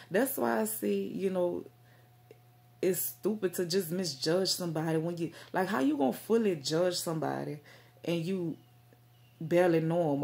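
Low gravelly-voiced woman rambling to camera. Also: mellow. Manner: rambling, heavy on fillers, stumbles over words. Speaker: Christian vlogger. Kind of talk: casual direct-to-camera talk.

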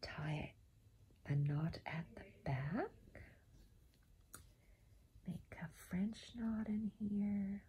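A woman giving a step-by-step embroidery tutorial at home, softly counting her stitches aloud and often dropping to a half-whisper. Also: medium pitch, drawn-out words, pauses often, a little hiss or hum. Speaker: embroidery instructor.

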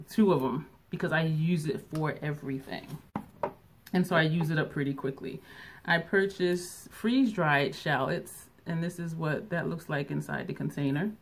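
A middle-aged woman chatting casually through a shopping haul vlog, laughing often and thinking aloud. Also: sits low. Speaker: beauty vlogger.

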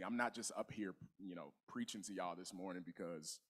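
A young man preaching a sermon in a church, telling his story in a relaxed, conversational way with frequent restarts. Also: low-pitched, normal speed, slightly rough. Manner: conversational, testimony-style preaching with many restarts and "you know". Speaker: guest preacher. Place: church sanctuary.

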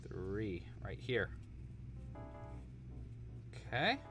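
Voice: low voice, wildly swooping pitch, extremely slow, over music. A crochet teacher hosting a casual live crochet-along, chatty and enthusiastic, rambling a bit with restarts. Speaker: crochet teacher and livestream host.

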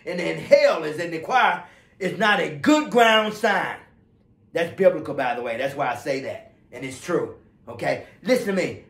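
A male pastor preaching a fervent sermon, swinging from hushed passages to loud ones. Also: on the high side, lively intonation, moderate pace, gravelly, echoey room. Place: church sanctuary.

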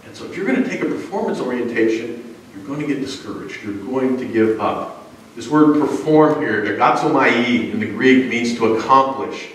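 A man's voice: mid-range voice, moderate pace, distant mic, a little hiss or hum. Conversational male preacher in an echoey church. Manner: conversational, storytelling, frequent uh fillers. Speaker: pastor and college psychology teacher. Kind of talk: sermon. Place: church sanctuary.

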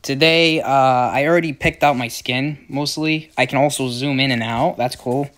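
A man's voice: medium pitch, moderate pace. Rambling young man narrating gameplay. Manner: rambling, many fillers, excitable outbursts. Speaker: gaming YouTuber. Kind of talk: casual gameplay commentary.

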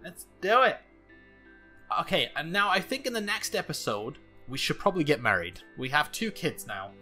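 An excitable let's-play host whose voice leaps all over the place, quick to laugh and yelp. The tone is bright and forceful, recorded on a desk mic with faint game music playing underneath. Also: mid-range voice. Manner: excitable, jumpy, frequent laughs and exclamations. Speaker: gaming channel host.

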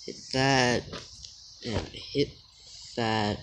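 A woman's voice: a bass voice, very slow, noisy background. A teenage girl commenting on her own gameplay, exasperated and muttering, with sudden outbursts. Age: teens. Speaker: gamer.

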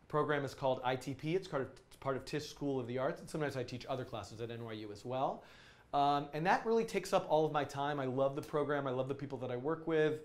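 A man's voice: medium pitch, fast. A man hosting a casual coding live stream, talking students through project ideas in a rambling, enthusiastic way with many ums and restarts.

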